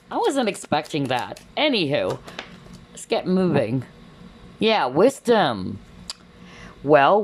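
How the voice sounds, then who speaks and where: A woman's voice: deep voice, a little hiss or hum. A woman giving a chatty collective tarot reading, exclaiming often and filling her talk with fillers. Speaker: tarot reader.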